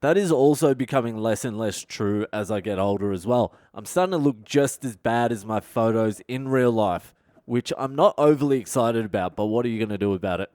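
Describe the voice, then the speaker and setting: A man's voice: medium pitch, fairly quick, a little mellow, dry recording. Middle-aged comedian guy ranting a story, swears a lot, makes fun of himself, dry sound. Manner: profane, blunt and self-mocking. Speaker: comedian and podcast host. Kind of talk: comic storytelling monologue. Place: expat in a city abroad.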